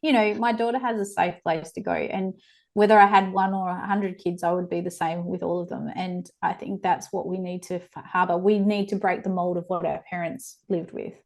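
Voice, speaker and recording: A woman's voice: lowish voice, steady tone, normal speed, darkish tone. A woman in her forties, a guest on a podcast interview, telling stories frankly and with animation. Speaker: guest, child abuse prevention educator.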